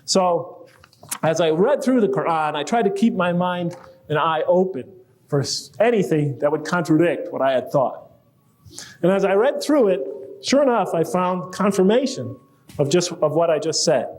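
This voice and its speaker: A middle-aged man speaks in a fairly high voice, giving a public lecture. He talks conversationally and jokes with the audience. He builds to animated emphasis on key points. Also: normal speed.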